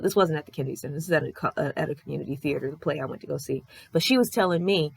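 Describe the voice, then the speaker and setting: Low-voiced woman rambling a life update. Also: lively intonation, racing, creaky, few pauses, husky, no echo. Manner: candid, swears freely, rambling storytelling; acts out other people's lines in quoted voices. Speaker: vlogger. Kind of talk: casual life-update chat.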